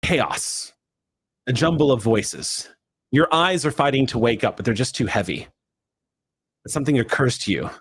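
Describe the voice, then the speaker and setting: Husky man narrating a game. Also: mid-range voice, animated, moderate pace. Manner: shifting pace, swift then drawn out. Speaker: game master. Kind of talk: dramatic second-person narration.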